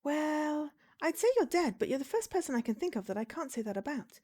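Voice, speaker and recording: A woman voicing a bubbly lost soul, high and sing-song. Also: animated, fairly quick. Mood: cheery. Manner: bubbly, chatty, bright. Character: cheery ageless soul lost in purgatory. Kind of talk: reading a visual novel aloud.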